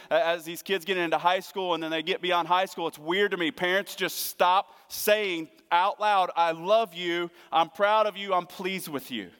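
A man's voice: sits high, clean tone. Earnest man preaching in a reverberant hall. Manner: earnest, swings from hushed to emphatic. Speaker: pastor. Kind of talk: sermon. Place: church sanctuary.

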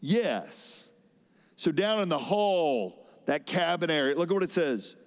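A man preaching a sermon as a pastor, with dynamic delivery that swings between loud emphasis and soft drops. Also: a little high, expressive, a little slow. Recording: long hall reverb.

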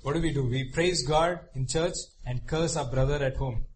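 A man's voice: mid-range voice, moderate pace, slight background noise, rough recording. A man preaching a sermon earnestly, restarting phrases often and turning to his listeners. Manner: earnest, repetitive, with frequent restarts and you-knows.

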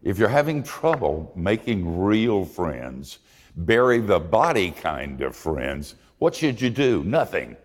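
A man's voice: low voice, sing-song, slow pace, long reverb tail. A man preaching a sermon in a folksy, humorous and confessional way, telling stories from his own life. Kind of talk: sermon with storytelling.

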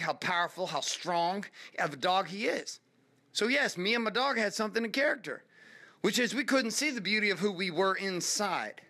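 Bright high-voiced man telling a story. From California. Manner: emphatic, building intensity. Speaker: podcast host. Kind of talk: motivational storytelling monologue.

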